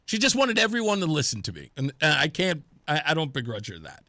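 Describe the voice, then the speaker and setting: A man's voice: fairly high pitch, fast, no echo. A man hosting a talk radio show, telling stories with laughs, his throat scratchy from pollen. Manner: animated, laughing storyteller. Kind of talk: casual talk radio monologue. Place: radio studio. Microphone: studio microphone.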